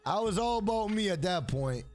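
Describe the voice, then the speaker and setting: Male streamer, high animated voice, rambling and swearing. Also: fairly quick, faint music behind. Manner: rambling, profane, repeats "bro". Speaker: livestreamer. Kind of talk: casual stream chat and storytelling.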